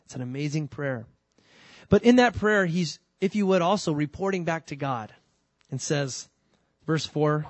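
A male pastor preaching a sermon in an animated, conversational way, jumping between loud emphasis and soft asides, with humorous asides. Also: fairly high pitch, unhurried, no room sound.

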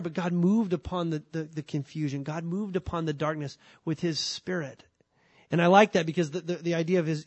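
A man's voice: a little high, darkish tone, dry recording. A man teaching a sermon on scripture, conversational with dry humor and frequent restarts. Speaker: pastor.

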